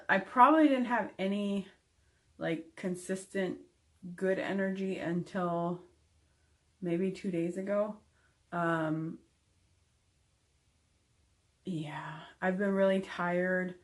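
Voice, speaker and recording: A young adult woman giving a candid, frank recovery update to camera, with frequent ums. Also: on the low side. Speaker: vlogger.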